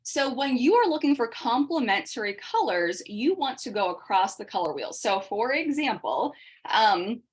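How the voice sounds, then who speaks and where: A woman teaching an online makeup class over a video call, talking fast in a chatty way. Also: a little high, big pitch swings. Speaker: makeup instructor.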